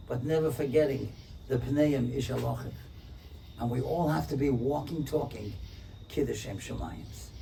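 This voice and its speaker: A man tells a story in an inspirational talk, switching into the voices of each character as he goes. His voice is mellow and sits slightly high for a man. He is picked up from a distance, with a faint room hum behind. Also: creaky. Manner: animated, acts out the characters' lines. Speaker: rabbi, speaker.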